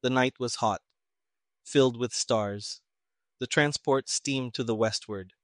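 A man narrating a mystery story in an even, measured reading. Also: medium pitch, no room sound, clean studio sound. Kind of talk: audiobook narration of a pulp mystery.

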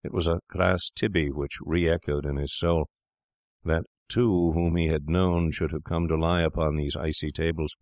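Low-voiced man reading a grave tale. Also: little pitch movement, darkish tone, no room sound, studio quality. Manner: measured, grave storytelling. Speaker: narrator. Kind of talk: scripted narration of a classic tale.

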